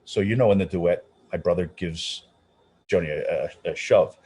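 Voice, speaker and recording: In a casual storytelling interview, a middle-aged opera singer shares anecdotes in a low, husky voice at a moderate pace. He is an animated storyteller who restarts often and acts out the voices of the people he quotes.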